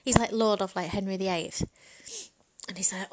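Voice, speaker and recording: A woman's voice: mid-range voice, fairly even intonation, moderate pace. A woman in a frank, bawdy comedic monologue, chatting casually and laughing often. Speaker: vlogger.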